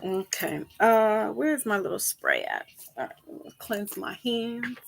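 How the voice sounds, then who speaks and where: A woman tarot reader chatting casually with her viewers, rambling from topic to topic, laughing easily and jumping up high for emphasis. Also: big pitch swings, a little slow, vocal fry, background noise. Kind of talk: casual chat with viewers before a reading.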